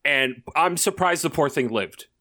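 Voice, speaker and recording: A man telling a story on a podcast, stumbling over his words and filling pauses with "uh" and "um". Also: a little high, expressive, bright, forceful tone, no echo, studio quality. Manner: halting, repeats words and fills with uh and um. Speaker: podcast co-host. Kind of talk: casual storytelling chat.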